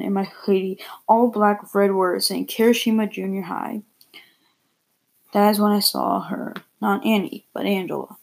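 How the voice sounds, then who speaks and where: A woman reading a first-person story aloud, plainly and a little haltingly, with repeated words. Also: medium pitch, gravelly, husky, low-quality recording.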